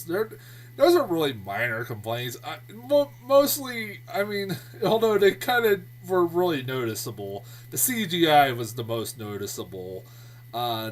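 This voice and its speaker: A man's voice: mid-range voice, slight background noise. A man giving a casual spoken movie review, rambling with lots of fillers and restarts. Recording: voice a bit distant from the mic.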